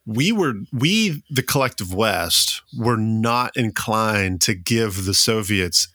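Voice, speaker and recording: A man's voice: on the low side, animated, slow pace, bright, forceful tone, no echo, clean studio sound. A man co-hosting a casual history podcast, rambling and restarting his sentences and laughing at himself. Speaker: podcast co-host.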